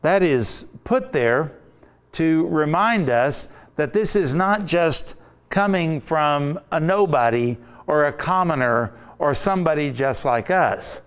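A male pastor delivers a sermon in an unhurried, measured way, pressing each point home through repetition. His voice sits slightly high for a man and comes across smooth and resonant. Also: animated. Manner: deliberate, emphatic preaching with repetition.

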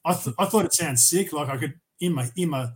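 On a low-quality recording, a fairly quick, somewhat high-pitched man talks. He's an Australian from Tasmania, a metal vocalist appearing as a podcast guest, and he tells rambling, profane stories full of restarts in a casual interview.

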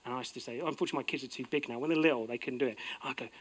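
A middle-aged man preaching a sermon, earnest, swinging from emphatic outbursts to soft, low-voiced reflection. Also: very fast. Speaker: pastor.

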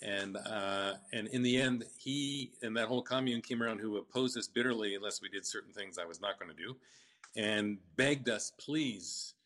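An older man recounting his business story in a casual interview, halting with fillers and restarts. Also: on the low side, fairly bright tone.

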